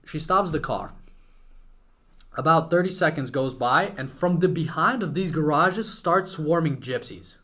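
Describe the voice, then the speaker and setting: Excitable young man telling a story. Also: fairly high pitch, unhurried. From Ukraine. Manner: excited, swears casually, lively retelling. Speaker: podcast guest, entrepreneur. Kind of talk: animated storytelling.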